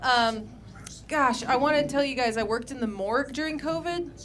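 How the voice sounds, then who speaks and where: Woman doing stand-up in a club, high bright voice, crude deadpan stories, swears a lot. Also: moderate pace. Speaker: stand-up comedian. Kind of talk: stand-up comedy set. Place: comedy club stage with audience laughter.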